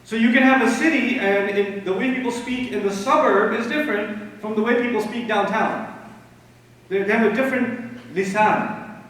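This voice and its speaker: A man from Pakistan giving an animated religious lecture, emphatic and full of rhetorical questions and dry humor. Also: high voice, normal speed. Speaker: Islamic lecturer. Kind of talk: lecture to a live audience. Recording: echoey hall recording from far off.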